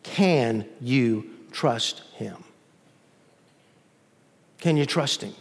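A male pastor preaching a sermon in a church, emphatic, swinging from loud peaks to soft drops. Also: mid-range voice, expressive, very slow, vocal fry, slightly rough, in a large hall.

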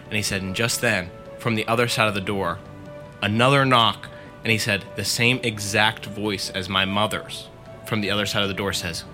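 A man with a fairly low, crisp and forceful voice spins a long story for his friends. He talks loosely and chattily, leaning on "like" and "he said" as he goes. Faint music sits underneath. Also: fairly even intonation, a little fast. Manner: chatty, leans on "like" and "he said" while retelling. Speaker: podcast co-host telling a story. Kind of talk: casual storytelling among friends.

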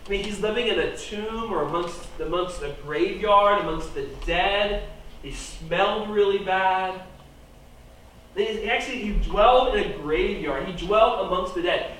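A man preaching a sermon in an animated way, pushing his voice up and then dropping it low for emphasis. His voice sits high. He is recorded from a distance in a very echoey room. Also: unhurried, slight background noise.

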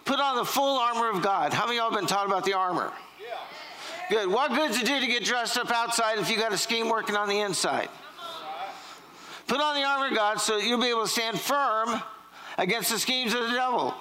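A man's voice: very high-pitched, brisk, pushed and bright, poor audio. A middle-aged man, preaching a sermon in a church, telling jokes and stories and quizzing the congregation. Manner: joking, storytelling, quizzing the congregation. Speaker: pastor. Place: church sanctuary.

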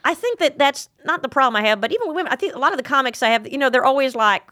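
A woman hosting a casual podcast chat, talking fast in a bright, lively voice. She is blunt and teasing and swears freely. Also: high-pitched. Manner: lively, quick talker with many fillers. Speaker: podcast host.

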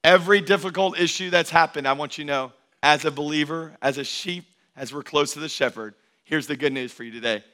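A male pastor preaching a sermon in a rhythmic, repetitive cadence, swinging from loud emphatic declarations to hushed, intimate asides. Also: a little high, a little fast, hardly any pauses.

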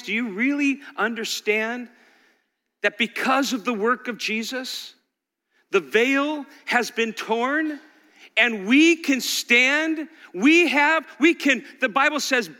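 A male pastor preaching a sermon, swinging between loud exhortation and quiet intensity. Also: extremely high pitch, takes it slowly. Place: large church hall. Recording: long hall reverb.

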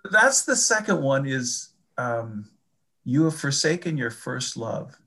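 Gravelly older man, reflective and halting. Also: medium pitch, big pitch swings, sharp tone. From Chicago area. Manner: reflective, halting, repeats words. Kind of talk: casual faith conversation.

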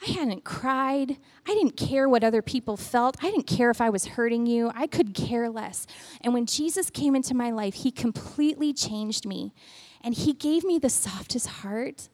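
A blunt, reformed former biker woman, given voice by a woman retelling her story, talking plainly and earnestly about her past. The voice is still high-pitched, only a touch lower than the teller's own. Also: animated, moderate pace, darkish tone.

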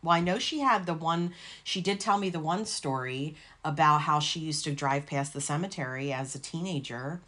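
A woman's voice: low voice, normal speed, a bit bright. A woman co-hosting a podcast, telling a long story in a rambling, casual way, swearing freely. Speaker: podcast co-host.

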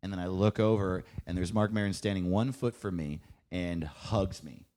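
A man's voice: low-pitched, normal speed, a little mellow. Young man telling a rambling story. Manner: rambling, lots of "like" fillers. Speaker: guest comedian. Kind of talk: casual podcast storytelling.

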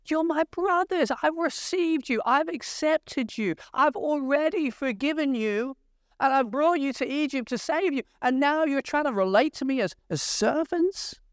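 A man's voice: extremely high pitch, expressive, a little slow, dry recording, studio quality, voice pushed up. A man preaching voices a heartbroken biblical man, pleading in wounded disbelief with his brothers.

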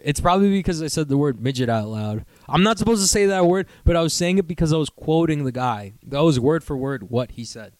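A young man hosting a casual solo podcast, telling stories with high-pitched impressions and sudden squeaky outbursts. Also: no echo. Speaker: podcast host.

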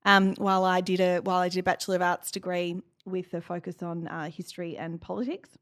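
A woman answering interview questions in an office, speaking with many pauses and restarts. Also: on the low side, level tone, a bit bright. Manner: halting, many fillers and restarts. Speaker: guest, industry chief executive. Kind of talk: casual interview talk.

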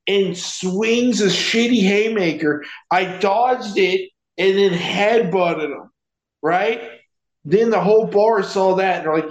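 A man telling a profane, animated story in casual podcast chat. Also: high voice, slow, reverberant, poor audio.

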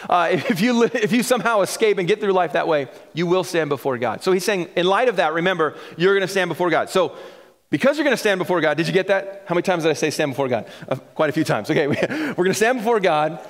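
A man's voice: high-pitched, lively intonation, quick pace, in a large hall. A male pastor preaching a sermon in a conversational style, drawing out key phrases and chuckling now and then.

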